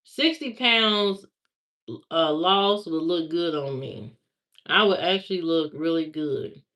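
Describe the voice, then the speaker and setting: A woman's voice: low-pitched, slow, a bit bright. A woman in her thirties chatting casually on a livestream, answering viewer comments in a candid, rambling way with many fillers.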